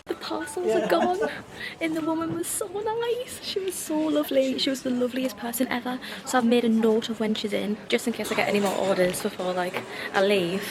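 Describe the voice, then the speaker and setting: A woman's voice: a little high, brisk, hardly any pauses, a loud crowd. Chatty young woman vlogging on the go. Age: 20s. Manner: chatty, animated storytelling with laughs. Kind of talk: casual vlog chat. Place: out and about, shops and street.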